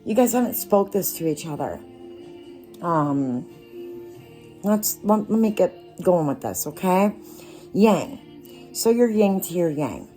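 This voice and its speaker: A woman lays out tarot cards for her listeners, speaking slowly and reassuringly in a low, mellow voice. Faint music plays quietly behind her. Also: very animated. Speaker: tarot reader. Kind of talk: casual tarot card reading.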